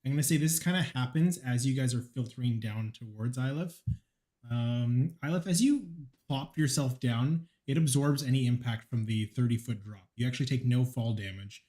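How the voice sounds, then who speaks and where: A man's voice: medium pitch, moderate pace, mellow. Laid-back male game master. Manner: casual, hesitant with many ums and likes. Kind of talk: narrating a tabletop game.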